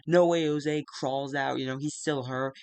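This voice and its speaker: A young man casually recapping a wrestling management game, narrating the matches and now and then putting on quick voices for the wrestlers. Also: fairly even intonation, darkish tone, no room sound. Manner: recaps matches and briefly acts out wrestlers' lines in quick, squeaky outbursts. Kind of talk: casual let's-play narration.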